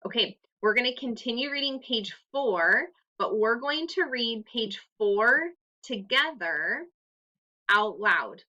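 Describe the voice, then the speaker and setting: A woman teacher giving a recorded reading lesson to young students, explaining clearly and patiently. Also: on the high side, animated, takes it slowly, sharp tone. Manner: clear, patient read-aloud instructions. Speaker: third-grade teacher. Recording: dull lo-fi recording.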